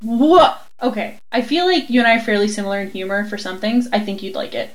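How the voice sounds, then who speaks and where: A woman co-hosting a casual chat, animated and quick to laugh, swearing freely. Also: medium pitch. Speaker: podcast co-host.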